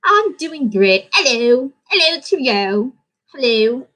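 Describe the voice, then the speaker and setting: A woman's voice: high voice, sing-song, slow pace, fairly bright tone, heavily acted, poor audio. A woman putting on an exaggerated posh British woman, with sing-song, repeated greetings. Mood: mock-posh.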